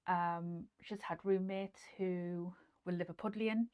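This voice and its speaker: A woman's voice: fairly low pitch, fairly even intonation, slow pace, smooth, muffled recording. A middle-aged woman hosting a casual sewing livestream, chatty and rambling, with lots of ums and likes as she demonstrates and answers viewers. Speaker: host.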